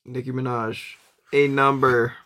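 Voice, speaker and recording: A man's voice: mid-range voice, little pitch movement, unhurried, bright, forceful tone. A man casually prompting his friends for words in fill-in stories, talking in laid-back slang. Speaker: host asking for fill-in words. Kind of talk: casual banter.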